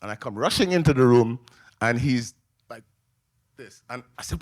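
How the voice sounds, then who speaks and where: A man in his sixties tells his family's story at a live book event, speaking into a microphone. His voice sits in a middle register and sounds dry and close, with no room around it. He is an animated, emotional storyteller who acts out the voices of the people he describes. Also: mid-range voice, moderate pace, dry recording. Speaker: memoir author on a festival panel. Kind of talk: personal storytelling at a book talk. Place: live event in a library venue.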